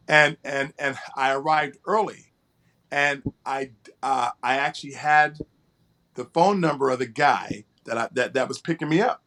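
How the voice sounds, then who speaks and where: A man's voice: mid-range voice, a little slow, pushed and bright. A man co-hosting an interview, telling a personal story in an earnest way and often repeating words as he starts a phrase. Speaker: co-host.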